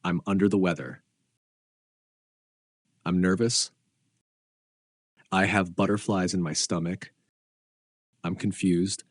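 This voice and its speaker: A man reading short English practice phrases one by one, with an even, deliberate delivery. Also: low voice, no room sound, studio quality. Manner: slow, evenly spaced, deliberate delivery.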